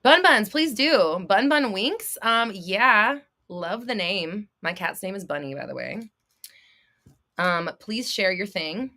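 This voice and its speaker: A young woman hosting a casual livestream, reading viewer comments and coaching them in a blunt, excitable way, swearing freely and laughing often. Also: medium pitch, takes it slowly. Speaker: manifestation coach and livestream host.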